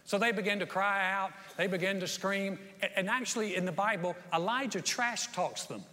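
A man's voice: sits high, moderate pace, bright, forceful tone. A man preaching a sermon, telling a Bible story in a folksy way and acting out the quotes with rising energy. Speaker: pastor. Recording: long hall reverb.

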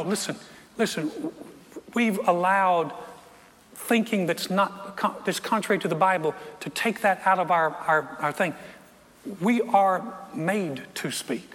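A man preaches a sermon with a strained voice that sits high in his range. He speaks emphatically, repeats words and drops into quiet, intense stretches. His bright tone carries a long hall reverb.

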